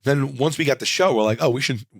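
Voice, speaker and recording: A comedian in his forties tells a long story to an interviewer, his pitch sitting at an ordinary middle register. He talks in an animated, rambling flow, doubling back with fillers and restarts. The studio sound is dry and close, with almost no room echo. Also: fast talker, gravelly. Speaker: comedian guest.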